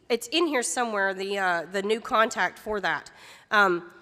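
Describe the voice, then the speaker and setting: A woman's voice: a little high, sharp tone. A woman giving a casual, folksy workshop presentation on food labeling, full of fillers and friendly asides. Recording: echoey hall with long reverb.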